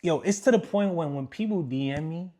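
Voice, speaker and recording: Young man from new york, motivational speaker, casual q&a storytelling, animated and slangy. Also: on the high side, a little fast. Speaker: motivational speaker and life coach.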